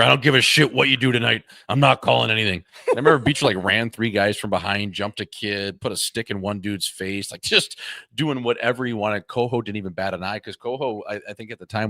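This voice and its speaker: A man co-hosting a hockey podcast, telling casual, animated stories about his pro career and swearing freely. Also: on the low side, dry recording, studio quality. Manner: animated anecdotes with quoted voices, swears freely. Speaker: podcast co-host, former pro hockey player. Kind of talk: casual chat, storytelling.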